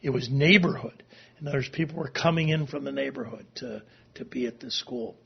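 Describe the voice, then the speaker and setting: A middle-aged man telling a long personal story as an interview guest, halting and emotional, sometimes tearing up. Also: mid-range voice, vocal fry, breathy edge. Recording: dull lo-fi recording.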